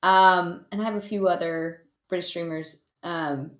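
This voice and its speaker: A woman's voice: fairly low pitch, fairly even intonation, a little slow, a bit bright, reverberant. An American woman, a voice actor, chatting casually as a podcast guest, giggling often and restarting her sentences. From United States. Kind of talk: casual chat.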